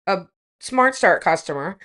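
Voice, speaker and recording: A woman's voice: on the low side, expressive, measured pace, a bit bright. A woman co-hosting a podcast in casual chat, blunt and profane as she retells run-ins. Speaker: podcast co-host.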